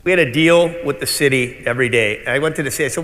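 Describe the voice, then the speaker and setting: Speaking fast at medium pitch, a middle-aged restaurant owner delivers a conference keynote, his fairly bright voice carrying a little hiss or hum. His story comes out blunt and animated, with some swearing, and the large convention hall adds a long reverb.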